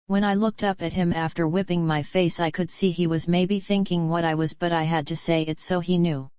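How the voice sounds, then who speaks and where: A woman's voice: on the low side, steady tone, fairly quick, a little mellow, clean tone, no echo. A woman reading her own audiobook in a blunt, profane, rambling first-person style, on a slightly dull lo-fi recording. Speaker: audiobook reader and author.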